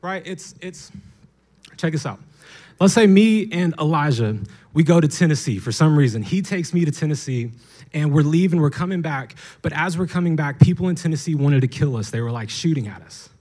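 Animated young male preacher. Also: fairly high pitch, a little fast. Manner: animated, playful storytelling with acted voices. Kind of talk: lively sermon.

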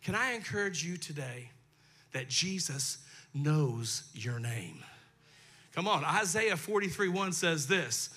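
This male pastor speaks slowly in a pushed, bright voice that sits on the high side, his intonation lively. He addresses his congregation directly in a church sanctuary, delivering a folksy, chatty sermon through a dry throat.

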